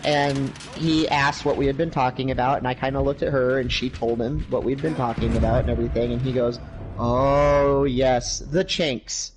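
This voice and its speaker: With a medium-pitched voice, brisk and with few pauses, a livestream co-host animatedly recounts a long travel story in casual chat, performing the voices of the people in it. Noisy gameplay audio and video game gunfire sound in the background.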